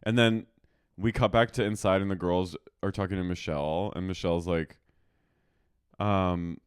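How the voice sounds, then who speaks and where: Man with a smooth, low voice. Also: steady tone, moderate pace, dry recording, clean studio sound. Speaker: podcast co-host. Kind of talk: casual chat, recapping a reality show.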